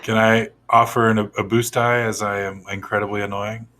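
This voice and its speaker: Low-voiced playful man playing a tabletop game. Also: flat delivery, moderate pace, pushed and bright. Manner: playful, folksy, mock-apologetic. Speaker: player.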